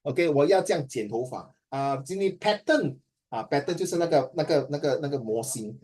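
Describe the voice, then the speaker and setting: A man's voice: fairly high pitch, lively intonation, a little fast, a little mellow, slightly rough. A man with a Singaporean English accent tutoring a student in a playful, teasing way, switching between languages. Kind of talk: casual one-on-one tutoring.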